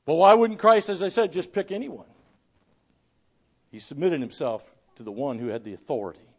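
A man preaches a sermon in a high voice, reading old scripture aloud. He swings between ringing declarations and quiet asides, chuckling now and then. The recording sounds dull and lo-fi. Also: normal speed. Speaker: pastor.

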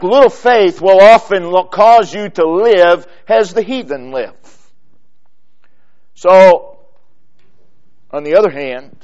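A man preaching a sermon, slow and deliberate, stressing single words and letting his phrase ends fall low. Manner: quotes scripture in old-fashioned phrasing. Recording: dull lo-fi recording.

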